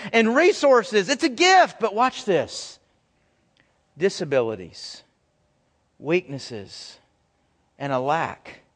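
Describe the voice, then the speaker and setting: A male pastor giving a conversational, animated sermon, acting out quoted voices as he goes. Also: high voice, in a large hall.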